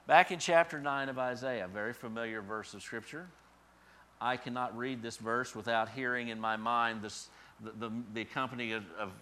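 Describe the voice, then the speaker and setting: Pastor, male, bright voice, sermon delivery that swells into emphatic repetitions and falls back quiet. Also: lowish voice. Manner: builds to emphatic repeated phrases then drops soft.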